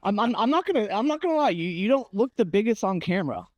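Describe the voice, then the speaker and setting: A young man on a casual podcast, swearing freely and telling animated stories with acted-out quotes. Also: high voice, fast, no room sound, dull audio.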